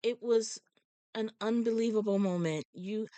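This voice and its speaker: Animated woman telling a faith story. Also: medium pitch, a little slow, no room sound. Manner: animated, acts out other people's voices; preachy, quotes scripture. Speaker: vlogger and sign language interpreter. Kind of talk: casual storytelling with faith talk.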